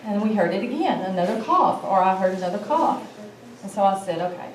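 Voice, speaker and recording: A woman's voice: mid-range voice, fairly quick. Woman telling a campfire story. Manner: animated storyteller, acts out quoted lines. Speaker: symposium speaker. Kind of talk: telling a personal encounter story. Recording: echoey hall, mic far off.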